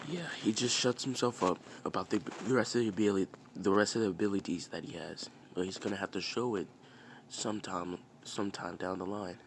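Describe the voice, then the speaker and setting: A man's voice: on the low side, brisk, background noise. A man casually telling a fan-fiction story, rambling and repeating himself as he goes.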